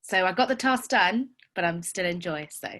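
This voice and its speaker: A woman's voice: lowish voice, normal speed, a bit bright. A woman, a teacher, reflectively sharing her experience on a group coaching call, with frequent "like" fillers.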